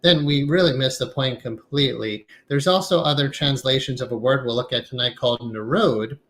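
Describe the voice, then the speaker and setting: A man giving a conversational lecture on meditation to a class, talking in a relaxed, reflective way with some fillers. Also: a little high, poor audio. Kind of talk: casual lecture.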